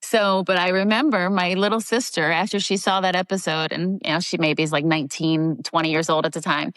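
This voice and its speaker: A middle-aged woman from the Philadelphia area, guest on an interview show, telling candid behind-the-scenes stories in a lively way. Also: brisk, no echo. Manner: animated, jumps into high voices when quoting people. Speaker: guest actress.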